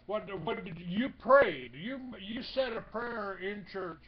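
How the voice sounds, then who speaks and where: A high-voiced man hosts a radio interview, pressing his guest with quick, stammering questions. The audio is dull and muffled. A crowd murmurs in the background. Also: animated. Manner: eager, stammering prompts. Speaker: radio host.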